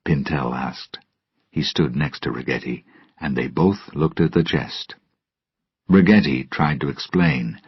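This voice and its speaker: Storybook narrator: man, deep and raspy, slow and deliberate, dry lo-fi sound. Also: dry recording. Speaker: storybook reader. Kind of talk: graded-reader story narration for English learners. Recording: dull lo-fi recording.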